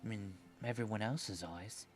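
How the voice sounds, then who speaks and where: A man with a lowish voice speaks at a moderate pace over music while streaming a video game from a desk microphone at home. A streamer and VTuber, he gives casual let's-play commentary full of sarcastic asides and frequent opinions.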